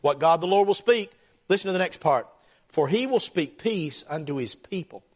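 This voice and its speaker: A man's voice: high voice, animated, normal speed. Fervent preacher man. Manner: folksy, fervent, tells stories with y'all. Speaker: guest preacher. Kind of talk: sermon with prayer and storytelling.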